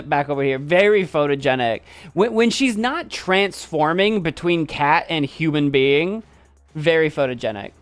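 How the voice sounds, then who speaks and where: A man hosting a stream, casually and playfully commenting on viewers' pet photos and laughing often. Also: on the high side. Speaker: streamer host.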